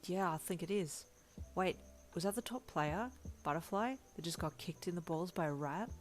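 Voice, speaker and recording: A woman's voice: lowish voice, lively intonation, normal speed, soft background music, close to an everyday voice. A woman voicing a casual passing traveller who comments offhandedly. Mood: amused.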